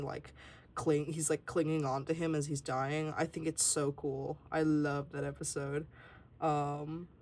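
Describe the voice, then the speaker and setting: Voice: mid-range voice, darkish tone, slight background noise. A young adult artist giving a casual, rambling tour of a sketchbook and swearing freely along the way.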